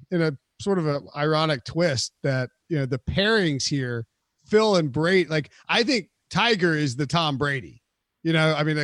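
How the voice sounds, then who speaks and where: A man with a fairly high voice co-hosting a casual sports podcast. He rambles along with lots of fillers. The recording is dry and close. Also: fairly bright tone, no echo. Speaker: podcast co-host.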